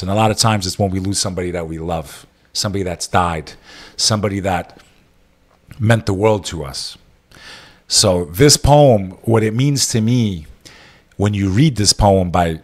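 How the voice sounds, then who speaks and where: A man hosting a live stream monologue, switching between fiery, profane exhortation and somber, quiet reflection on loss. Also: fairly low pitch. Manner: subdued and somber when speaking of loss.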